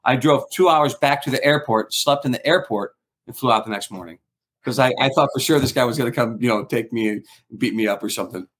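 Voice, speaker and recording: This middle-aged guest, a ventriloquist and magician, rambles through anecdotes in a relaxed interview and performs the quoted lines himself. He talks at a quick pace in a medium-pitched voice with a fairly bright tone.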